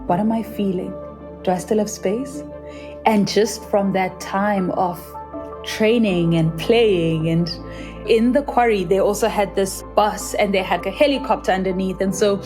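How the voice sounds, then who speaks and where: A South African woman in her thirties speaks with an earnest, vivid storytelling manner, a freediver recalling her time in the water. Her pitch sits in the middle range, and faint music runs softly underneath. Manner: earnest and vivid, acts out quoted voices in a higher pitch. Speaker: freediver, guest. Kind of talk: reflective interview storytelling.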